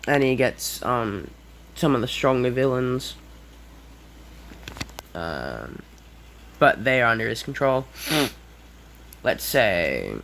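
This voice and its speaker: A man improvising a fan fiction story out loud, hesitant, with many fillers and self-corrections. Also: medium pitch, gravelly, a little hiss or hum, low-quality recording.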